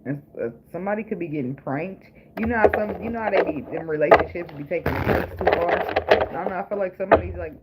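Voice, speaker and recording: Man, casual tarot reading, blunt and profane, joking, fairly high voice, noisy recording with clicks. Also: fast talker. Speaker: tarot reader.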